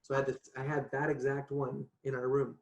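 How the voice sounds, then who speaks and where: Male guest, mid pitch, animated casual storyteller, echoey video call audio. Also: brisk. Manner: chatty, animated, laughs often, says "right?" a lot. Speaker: podcast guest. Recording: echoey room.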